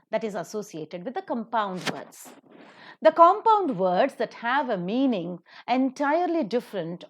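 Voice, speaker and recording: A woman teaching English pronunciation in a recorded lecture, slowly and deliberately modelling example words. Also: on the high side, a little hiss or hum. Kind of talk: recorded lecture on word stress.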